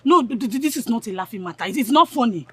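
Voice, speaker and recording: A woman's voice: on the high side, lively intonation, fast talker, fairly bright tone. An actress playing a jealous, scheming young village woman who scorns and insults her friends. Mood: indignant. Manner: scornful, insulting, stammers when angry.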